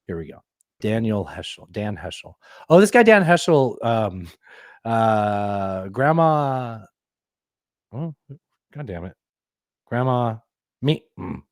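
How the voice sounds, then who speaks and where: Rambling joking podcast host, dry mic. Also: male voice, lowish voice, sing-song, slow, long pauses, no room sound. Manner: joking, rambling, laughs often. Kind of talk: casual chat.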